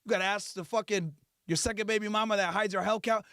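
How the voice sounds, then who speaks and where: A man's voice: high voice, fairly even intonation, very fast, bright, forceful tone, no echo, studio quality. A male podcast host telling a profane comedic rant in a mocking, crude storytelling manner.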